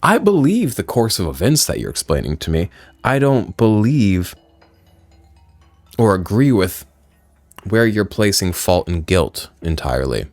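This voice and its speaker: A man's voice: on the low side, very animated, a little slow, a little mellow, no room sound, faint music behind. A man giving playful, casual commentary over a video game, joking and swearing freely. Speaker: gaming video creator. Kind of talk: casual let's-play commentary.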